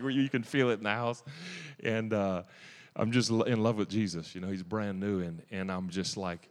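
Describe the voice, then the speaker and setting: A man with a fairly low voice delivers a sermon in a church. He talks with zealous emphasis, restarts his sentences and breaks into sudden louder bursts. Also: brisk, big-room sound. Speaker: preacher. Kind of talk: sermon testimony.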